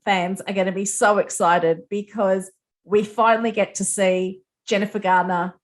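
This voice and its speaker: A woman interviewing a film director, effusive and quick to laugh. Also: medium pitch, steady tone. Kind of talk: entertainment interview.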